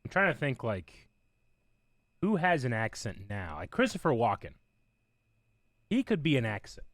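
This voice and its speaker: A man co-hosting a podcast in casual chat, thinking out loud in a loose, musing way. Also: medium pitch, wildly swooping pitch, normal speed, no room sound, studio quality. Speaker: podcast co-host.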